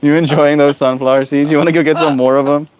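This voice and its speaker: A man's voice: fairly high pitch, level tone, fast, noisy background. Man cooing baby talk to a pet. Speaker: daily live streamer. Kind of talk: casual live stream chat. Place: outdoors.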